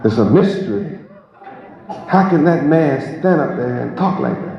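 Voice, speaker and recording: A man's voice: fairly high pitch, expressive, normal speed, vocal fry. A man preaching a sermon to a congregation, emphatic and repetitive, full of rhetorical questions. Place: large hall with congregation. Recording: echoey hall, lo-fi, crowd.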